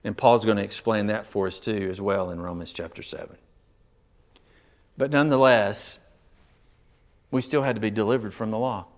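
A man's voice: on the low side, moderate pace, pauses often. A man preaching a sermon as pastor, emphatic, reading scripture verses aloud and explaining them. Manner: emphatic, rising and falling in volume.

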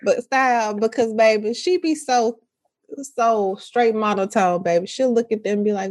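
A woman's voice: mid-range voice, moderate pace, no room sound. Playful teasing woman friend. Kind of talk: casual chat.

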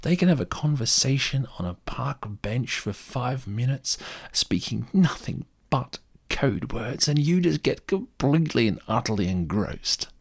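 A man's voice: medium pitch, big pitch swings, a little slow, vocal fry, husky, no echo, clean studio sound. A man telling rambling, self-deprecating stories in a casual solo monologue.

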